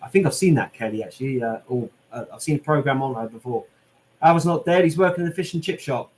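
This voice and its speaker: With a mid-range voice and a fast pace, a British channel host answers live chat on his Q&A stream. He reads viewer comments aloud and chats casually, throwing in frequent "um"s and "mate"s.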